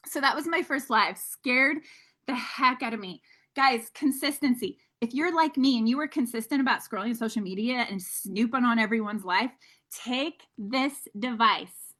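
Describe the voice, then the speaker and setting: Upbeat high-voiced woman coaching her team. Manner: energetic, candid, addresses listeners as guys. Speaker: sales team leader. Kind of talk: motivational team training talk.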